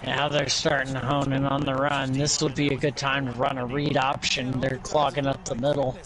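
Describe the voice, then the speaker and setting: A man's voice: mid-range voice, flat delivery, moderate pace, poor audio. A man giving joking, wry color commentary on a video game football match.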